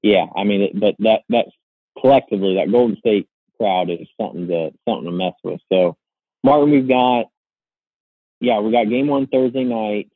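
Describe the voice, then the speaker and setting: A man's voice: fairly low pitch, moderate pace, dry recording, narrow, tinny audio. A man hosting a casual sports podcast, rambling with lots of "like" and restarts. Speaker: podcast host.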